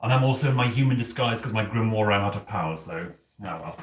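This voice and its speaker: A man's voice: fairly low pitch, lively intonation, fast, close to an everyday voice. A man voicing a flamboyant aristocratic male owl demon prince, campy and giggly as he cooks in an apartment kitchen and chats with viewers, calling them darling. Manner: campy, theatrical, giggly, calls chat darling. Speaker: cosplay streamer. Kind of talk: in-character cooking livestream. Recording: echoey kitchen with background noise.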